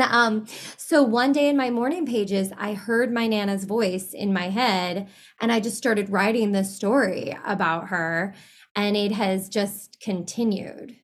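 A woman's voice: mid-range voice, slightly rough. A woman being interviewed in a casual chat. She rambles, trails off mid-thought and laughs often. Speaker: interview guest.

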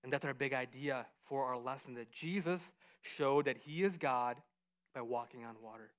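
A man teaching children a Bible story, lively and full of questions to the kids, acting out the voices as he goes. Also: mid-range voice, normal speed. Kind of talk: animated Bible story lesson.

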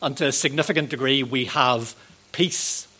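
A man's voice: mid-range voice, moderate pace, husky. Conversational man preaching. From Northern Ireland. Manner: gentle, conversational, with frequent ums and rhetorical questions. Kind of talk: sermon.

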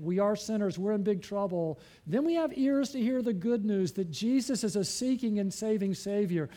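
A man's voice: sits high, mellow. A man preaching a sermon as pastor, earnest and pleading, often asking his listeners questions and building to fervent appeals.

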